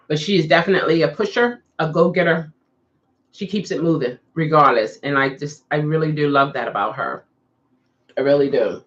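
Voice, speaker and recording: Woman, livestream host, casual chat, coaxing viewers, muffled lo-fi audio. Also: deep voice. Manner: chatty, coaxes viewers to answer.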